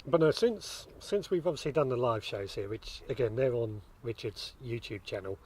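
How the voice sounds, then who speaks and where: A man's voice: mid-range voice, normal speed, a little mellow, slightly rough. A man hosting a podcast, chatting in an easygoing, teasing way with a guest on an allotment. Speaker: podcast host. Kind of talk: casual outdoor chat. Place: outdoors on an allotment.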